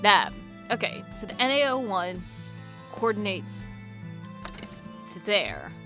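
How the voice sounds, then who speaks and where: A woman's voice: medium pitch, huge pitch swings, slow, pushed and bright. A young woman giving casual let's-play commentary, joking and mocking herself as she plays. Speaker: gaming YouTuber. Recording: game music playing behind.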